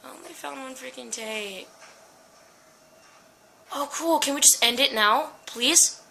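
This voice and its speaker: A woman's voice: high voice, slow, creaky, sharp tone, a little hiss or hum, low-quality recording. A young woman playing a horror game at home, frightened and jittery, swearing and talking to her viewers and her dog. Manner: swears and screams. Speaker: gaming channel host. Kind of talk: horror game let's play commentary.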